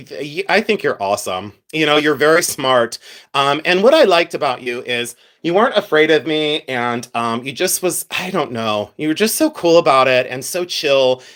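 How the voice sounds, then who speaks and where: Middle-aged man, from Ohio, livestream host, casual chat, self-mocking, lively swinging pitch. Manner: chatty, self-mocking, laughs often. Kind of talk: casual live stream chat with viewers.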